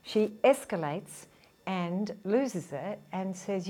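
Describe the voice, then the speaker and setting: Lively woman explaining relationships. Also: medium pitch, takes it slowly. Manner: animated, acts out quoted partners, laughs often. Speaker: relationship therapist. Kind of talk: casual talk to an audience.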